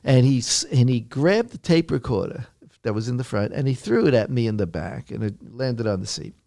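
A man's voice: mid-range voice, lively intonation, a little fast, gravelly, no echo, studio quality. A man telling a long story in an interview, rambling with many restarts and acting out what others said. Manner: rambling, many restarts, acts out quotes loudly. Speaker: interview guest recounting a story. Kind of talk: casual anecdote telling.

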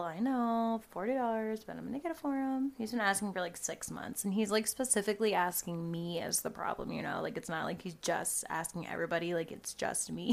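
A woman's voice: medium pitch, vocal fry. A young woman hosting a podcast in casual chat, rambling and swearing a lot, with "like" in every other phrase. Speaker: podcast host.

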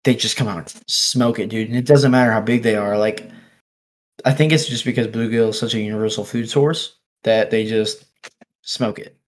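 A man in relaxed conversation, telling a long fishing story with lots of "like" and "dude" and frequent laughs. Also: fairly low pitch, normal speed. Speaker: podcast guest angler. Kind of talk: casual storytelling chat. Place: office.

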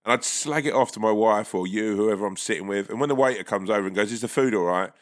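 Lowish-voiced swearing bloke. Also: male voice, fast. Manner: swears freely, acts out voices in anecdotes. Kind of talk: casual banter.

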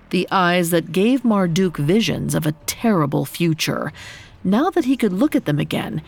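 A woman narrating a mythological story in a calm, measured scripted style. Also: fairly low pitch.

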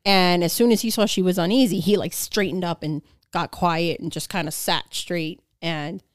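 A woman's voice: fairly low pitch, fairly even intonation, moderate pace, dry recording, studio quality. Profane laughing woman podcast storyteller. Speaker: podcast co-host. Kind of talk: casual chat, storytelling.

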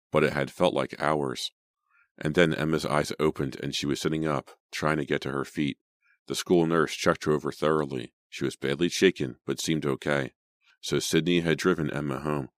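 A man narrating a teen horror audiobook in a steady, dramatic storytelling manner. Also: a bass voice, no echo, studio quality.

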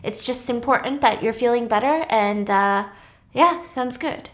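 Brief: woman doing a proud aging art dealer, high-set, pushy and emphatic, in a casual retelling. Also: unhurried, fairly bright tone. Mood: gentle. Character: man, a stubborn aging art dealer, indignant.

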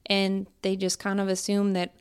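A woman in her thirties from Pennsylvania, a wildlife biologist, explaining things in a relaxed podcast chat. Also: medium pitch, moderate pace, clear, resonant tone. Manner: relaxed, explanatory, laughs easily. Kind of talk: casual podcast interview. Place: house in Baton Rouge.

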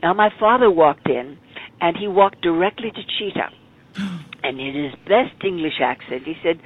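A woman in her eighties telling stories as an interview guest, animated and acting out the people she quotes. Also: lowish voice, moderate pace, husky. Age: 80s. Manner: animated storyteller, acts out quotes. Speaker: guest performer. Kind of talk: storytelling interview. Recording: phone-like narrow sound.

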